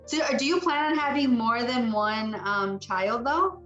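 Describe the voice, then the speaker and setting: Chatty bright-voiced woman psychic, echoey. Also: fairly high pitch, a little slow, dull audio, soft background music. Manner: chatty, rambling, acts out spirit voices. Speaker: psychic medium. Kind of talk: mediumship reading. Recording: echoey room.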